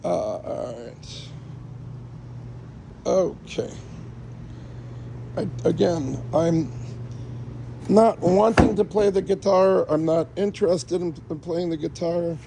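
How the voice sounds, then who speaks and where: A man's voice: high-pitched, takes it slowly, creaky, long pauses, noisy background. A man casually giving a rambling, joking tour of his cluttered space, talking straight to a friend.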